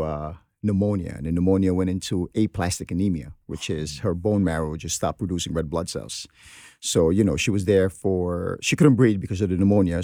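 A man's voice: sits low, gravelly, mellow, no echo, studio quality. A man in an earnest, heartfelt podcast conversation, telling a personal story with many restarts. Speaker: guest sharing a personal story.

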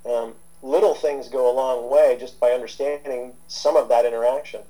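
A man in his fifties speaks as an interview guest, his voice dark and mellow. He rambles through his points in a relaxed way, full of "um"s and restarts, sounding like a seasoned therapist. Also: medium pitch, normal speed, poor audio. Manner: rambling, with many fillers and restarts. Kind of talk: casual interview talk.

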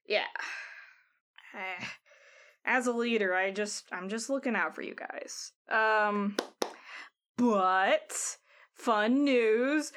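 Fretful crew boss lady, stumbles over her words, swears a lot, kinda high voice, woman gm playing her. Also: fairly bright tone. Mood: apologetic. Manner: stammering, rambling, swears casually. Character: protective exasperated woman crew leader.

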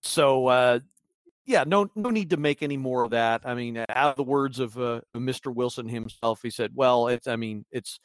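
A man's voice: mid-range voice, normal speed, no room sound, clean studio sound. A man hosting a casual sports podcast, rambling and wry with lots of fillers. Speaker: podcast host.

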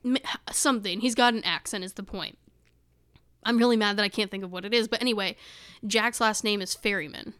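A woman chats on a podcast in a smooth, clear voice, wandering off into rambling stories full of fillers. The mic is close and the sound dry, with no room echo. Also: mid-range voice, a little fast, a bit bright. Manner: rambling, tangent-prone storytelling with many fillers. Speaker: podcast co-host. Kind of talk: casual chat.

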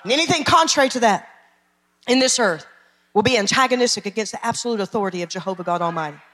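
A woman's voice: fairly high pitch, fast, fairly bright tone. A woman pastor, preaching an emphatic sermon and calling out to her congregation. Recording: long hall reverb.

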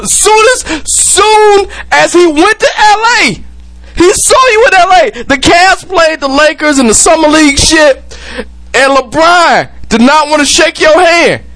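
A man hosting a sports podcast, ranting loosely and profanely with whiskey on hand, drifting into impressions. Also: very high-pitched. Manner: animated, profane, ranting, mimics people. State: drinking whiskey. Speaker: podcast host. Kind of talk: casual sports chat.

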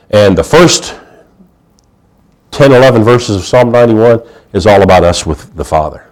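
With a fairly low-pitched voice, a male pastor gives a folksy, story-style sermon. He moves back and forth between loud emphasis and hushed side remarks, and he often begins his sentences again.

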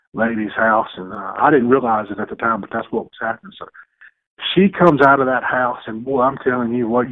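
Man telling a rambling story. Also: mid-range voice. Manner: rambling, folksy, lots of restarts and quoted voices. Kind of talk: casual storytelling. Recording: tinny phone-like radio sound.

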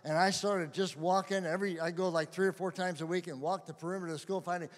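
A middle-aged male pastor telling stories in a sermon, animated and often laughing. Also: sits high, fast talker. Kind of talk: sermon storytelling. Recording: long hall reverb.

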